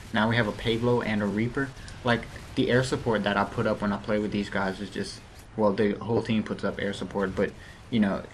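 A man's voice: on the low side, slight background noise. A man with a lisp giving rambling, casual commentary over his gameplay, full of fillers and restarts.

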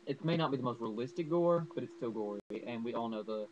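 A man's voice: mid-range voice, animated, quick pace, darkish tone, muffled recording, slight background noise. A young man rambling enthusiastically through a casual horror movie review, full of fillers.

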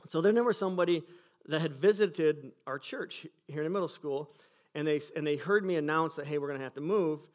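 A man's voice: fairly high pitch, fairly quick. Earnest pastor telling his church's story. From Michigan. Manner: earnest storytelling, reenacting conversations. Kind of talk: sermon testimony. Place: school cafeteria used for church services.

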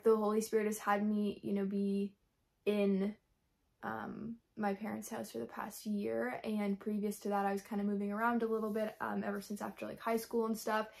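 In a devotional vlog, a young Christian woman speaks candidly with a mid-range, creaky, darkish voice. She rambles earnestly, packing in fillers and acting out her own prayers aloud, sounding frustrated yet hopeful.

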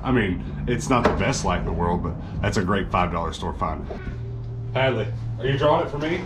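A man's voice: lowish voice, animated, brisk, very noisy. Chatty man vlogging at home. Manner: chatty, talks to a small child and to camera. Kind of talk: casual vlog chat.

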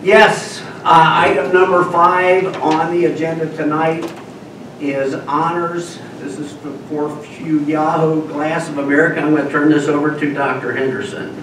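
Nasal guy running a school board meeting on a handheld mic, slightly high voice, big echoey room, heard from a distance. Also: flat delivery, a little slow, noisy background. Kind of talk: formal meeting procedure. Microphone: handheld microphone.

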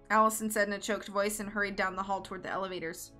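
A woman reading a mystery novel aloud on a live stream, with steady storytelling. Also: mid-range voice, very fast, faint music behind. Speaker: book reader. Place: home streaming setup.

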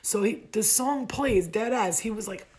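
A young American woman telling a funny travel story to camera, animated and profane, laughing often. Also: medium pitch, normal speed, slight background noise. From United States. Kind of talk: storytime vlog.

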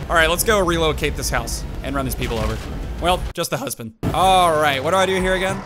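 A young man giving excited let's-play commentary on a game, with sudden loud outbursts and gasps. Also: fairly high pitch, fairly quick. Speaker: gaming YouTuber. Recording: game music behind the voice. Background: game music.

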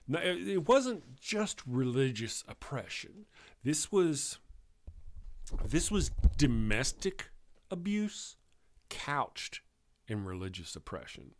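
A man hosting a live stream show, talking in a chatty, rambling way and often correcting himself. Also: on the high side.

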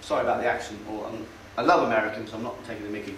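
A man with a lowish, fairly bright voice races through a casual, sardonic talk to an audience in a meeting hall. He sounds conversational but hesitant, using fillers. The recording is roomy and distant from the mic, with faint noise.

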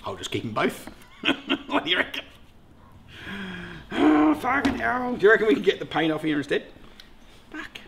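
A middle-aged Australian man hosting a beekeeping vlog, chatting casually in a jokey, excitable way and swearing freely. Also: high-pitched, moderate pace, creaky, pauses often, slight background noise. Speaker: beekeeper host.

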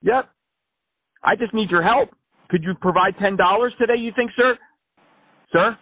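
A man doing a pompous small-time candidate who rambles through an absurd campaign pitch. His voice sits high and husky, squeezed through a thin, phone-like line with no room around it. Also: normal speed, no echo. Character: self-important male fringe politician, a smooth-talking blowhard. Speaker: prank caller.

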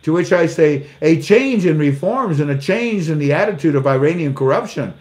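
A man's voice: on the high side, expressive, normal speed, a little mellow. A man reading news articles aloud and mocking them with sarcastic jokes and acted-out exchanges. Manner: sarcastic, jokey, acts out little dialogues; laughs at his own jokes. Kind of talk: casual commentary.

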